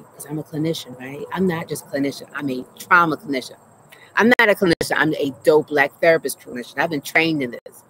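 Earnest woman therapist in a cricket-filled garden. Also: deep voice. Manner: earnest, emotional, often checks in with "right?", slows to breathe. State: anxious, heart racing while retelling. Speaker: therapist and show host. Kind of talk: personal trauma story mixed with teaching. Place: outdoor garden. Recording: outdoor recording with loud cricket noise. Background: crickets and insects.

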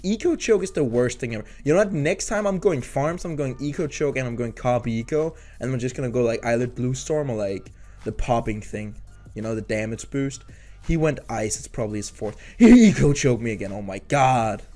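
A man's voice: medium pitch, normal speed, a little mellow, soft background music. A young man giving casual gameplay commentary, rambling, swearing and stumbling over his words as he grows frustrated. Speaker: gaming YouTuber.

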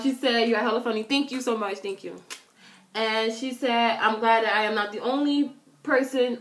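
An animated young woman talks to her webcam in a casual vlog. Her voice sits fairly high, bright and lively, full of slang and sudden loud quoted shouts. Faint music plays behind her. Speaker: vlogger answering viewer questions. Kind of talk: casual chat to camera.

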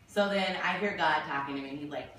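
A woman telling a lively personal story to a Bible study group, laughing often and acting out what people said. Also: low voice, fast. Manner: animated, laughing often, acts out quoted voices. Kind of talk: casual storytelling. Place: group gathering in a room. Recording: echoey room from far off, noisy.

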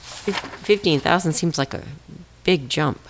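A woman's voice: deep voice, unhurried, slight background noise, poor audio. A woman on a town board asking questions in an inquisitive, hesitant way, restarting her words. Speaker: selectman. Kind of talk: questioning at a public meeting.

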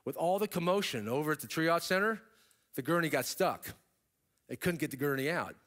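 Animated man telling a survival story on stage. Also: brisk. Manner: animated storyteller, pitch jumping up for emphasis; casual asides to the audience. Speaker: keynote speaker. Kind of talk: motivational keynote storytelling. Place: stage before an audience.

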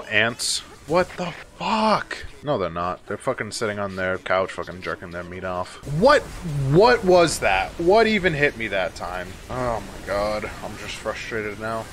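Man, gaming commentary, very lively pitch, exasperated, swears a lot, faint background hiss. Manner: exasperated, swears often, talks to the game. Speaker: gaming YouTuber. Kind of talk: let's-play commentary.

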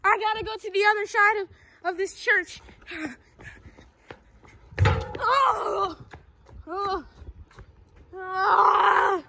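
A woman's voice: extremely high pitch, steady tone, extremely slow, vocal fry, pauses often, background noise, heavily acted. A woman voicing a jittery male purple pirate fox in a game role-play, whiny, exasperated and out of breath. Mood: panicked.

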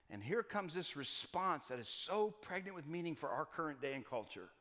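A male pastor gives a loose, conversational sermon, tossing in folksy jokes and stumbling over repeated words. His voice sits a bit higher than most men's. It rings out with the long reverb of a church sanctuary. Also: sing-song, fairly quick, few pauses, fairly bright tone.

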